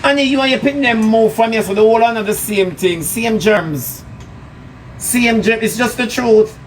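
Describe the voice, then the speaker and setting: A man's voice: high-pitched, moderate pace. A man with a Jamaican accent ranting on a live stream, mocking and scolding with sarcasm. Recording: distant mic with loud background noise.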